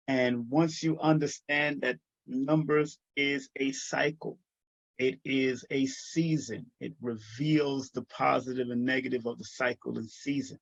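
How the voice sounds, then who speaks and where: A man's voice: medium pitch, no room sound, highs cut off. A man hosting a casual livestream, laid-back and repetitive, chuckling as he checks whether viewers can hear him. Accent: New York. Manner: laid-back, repeats phrases, chuckles often. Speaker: livestream host. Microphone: webcam or laptop mic on a video call.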